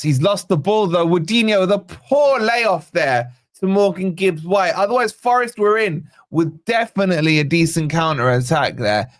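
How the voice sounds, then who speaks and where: A man hosting a live football watch-along, calling the play and greeting viewers by name in a chatty, excitable way. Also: a little high, no echo, studio quality. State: yawning, tired. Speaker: fan channel host.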